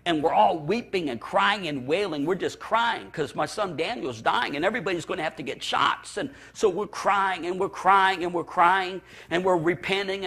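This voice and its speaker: Stammering pastor telling an emotional testimony. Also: male voice, on the high side, fairly bright tone, breathy edge. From Chicago area, USA. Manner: emotional storytelling with stammered repeats. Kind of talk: preaching a personal testimony.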